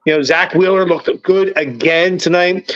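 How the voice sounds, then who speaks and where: A man's voice: high voice, normal speed, no echo. A man co-hosting a casual sports podcast, talking in a profane, emphatic way that swells into heated rants. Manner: profane, emphatic, rising to near-shouting rants. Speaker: podcast co-host. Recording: dull lo-fi sound.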